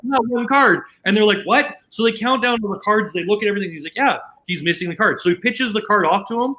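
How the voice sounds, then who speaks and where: A Canadian man with a bright, forceful voice, sitting slightly above the usual male pitch. He tells a poker story in casual podcast chat, tumbling through restarts and quoted lines as the tale unfolds. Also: quick pace, poor audio. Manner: animated anecdote telling with many restarts and quoted dialogue. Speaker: casino dealer, podcast guest.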